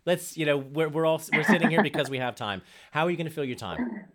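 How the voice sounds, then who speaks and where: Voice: mid-range voice, animated, fast, fairly bright tone. An interviewer asking short, friendly questions in a conversational interview.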